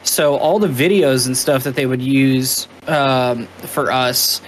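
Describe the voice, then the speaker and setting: A man's voice: mid-range voice, fairly even intonation, slow pace, a little hiss or hum. Swearing, laughing man telling stories. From Louisiana. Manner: profane, laughing storyteller. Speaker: podcast co-host. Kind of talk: casual podcast chat, storytelling.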